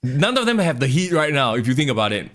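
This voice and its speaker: Man with a mid-pitched voice, podcast co-host. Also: fast talker. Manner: steady, agreeing often with short "yep" and "mm-hmm", steering the rundown. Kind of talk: casual wrestling chat.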